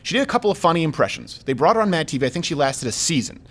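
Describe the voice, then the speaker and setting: Brief: a jokey male talk-show host, rambling riffs, fairly high and very lively pitch. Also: rapid-fire. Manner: animated, rambling, jokey riffing. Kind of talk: comedic talk show banter.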